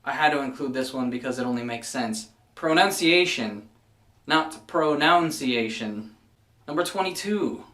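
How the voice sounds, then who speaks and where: A man's voice: mid-range voice, brisk, few pauses, a bit bright. A man talking casually to his viewers in a wry, chatty way. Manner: chatty, wry, fond of mild exasperation. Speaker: vlogger. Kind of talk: casual list video. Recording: echoey room, somewhat far from mic.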